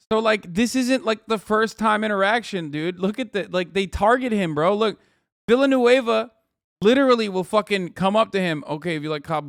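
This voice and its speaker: Male streamer, profane, mocking, higher-pitched, dry close mic. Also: a bit bright, clean tone, no echo. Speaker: streamer reacting to a video. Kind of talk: casual commentary.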